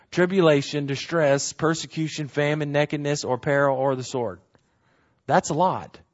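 A man's voice: medium pitch, dull audio. A man teaching through bible verses in a sermon, explaining word meanings and repeating key phrases for emphasis.

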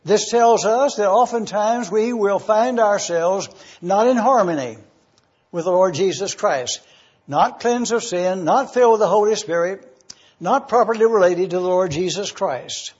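Slow, breathy high-voiced male preacher. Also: a little mellow, dull audio. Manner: slow, deliberate teaching cadence with listed points. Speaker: pastor. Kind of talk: sermon.

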